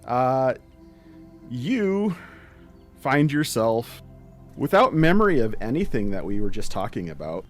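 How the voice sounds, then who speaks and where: A man narrating as game master of a tabletop role-playing game, relaxed and chatty. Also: mid-range voice, unhurried, long pauses, soft background music. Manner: relaxed, chatty, laughs often.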